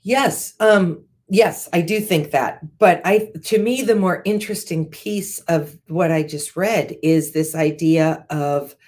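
A woman with a low voice reads book passages aloud in a measured, steady way. She breaks off now and then for her own casual asides as the show's host. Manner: measured reading with personal asides. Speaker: host, CEO.

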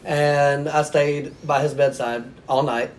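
A man's voice: a little high, steady tone, slow, slight background noise. Self-mocking man telling a story. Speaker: podcast guest, author. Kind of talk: casual podcast chat.

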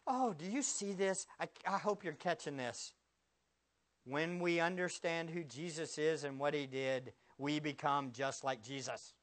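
A male pastor preaching a sermon, firing rhetorical questions at the congregation and swinging from loud bursts to hushed words. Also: fairly high pitch, measured pace.

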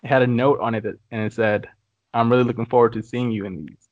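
A man's voice: mid-range voice, fairly even intonation, fast, no echo, highs cut off. A man hosting a casual podcast, telling crude jokes and laughing through his own punchlines. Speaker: podcast host.

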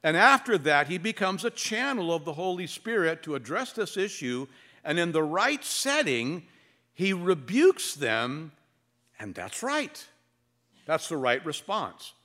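A man preaching as pastor, teaching verse by verse with wry humor and dramatic pauses. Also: a little high, big pitch swings, pushed and bright. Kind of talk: expository sermon.

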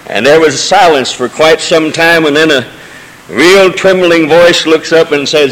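Inside a church sanctuary mid-service, a man with a fairly high, slightly bright voice preaches at a measured pace. His folksy asides give way to swelling emotional cadences, all carried by a long hall reverb.

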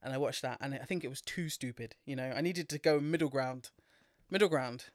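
A speaker, co-hosting a casual podcast and retelling a film in an animated way, laughing often and swearing freely. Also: medium pitch, brisk, no echo, studio quality. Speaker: podcast co-host.

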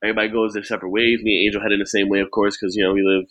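A man's voice: lowish voice, level tone, racing, a bit bright, no room sound. A young man, co-hosting a podcast, telling a story in a chatty way and laughing at himself. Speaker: podcast co-host. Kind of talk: casual storytelling.

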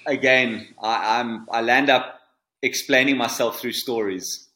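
Earnest man telling a story, bright voice. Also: medium pitch, steady tone, unhurried. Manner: earnest, repeats words as he searches for them. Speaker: surf coach guest. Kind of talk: storytelling interview answer. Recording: roomy echo.

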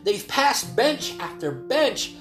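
A male pastor preaching a devotional sermon with earnest urgency that swings between loud calls and soft, quiet passages. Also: very high-pitched, big pitch swings, takes it slowly, echoey room, faint music behind.

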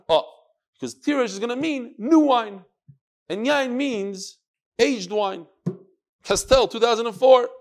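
A man teaching a Talmud class in a lively, questioning manner, sprinkling in Yiddish and Hebrew terms to students in a study hall. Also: high-pitched.

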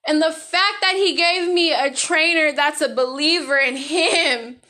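Very high-voiced woman, fervent praise. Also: unhurried, sharp tone. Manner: fervent, repeating praise phrases, voice breaking with emotion. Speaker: vlogger giving a faith testimony. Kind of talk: emotional religious testimony.

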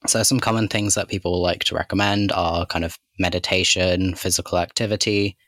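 Deep-voiced rambling podcast co-host man. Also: steady tone, brisk, fairly bright tone, no echo. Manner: rambling, heavy use of "like" and "kind of". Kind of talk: casual chat.

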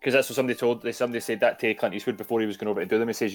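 A man, a podcast guest, chatting casually about a film with quick, wry jokes. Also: on the low side, fairly even intonation. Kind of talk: casual film review chat.

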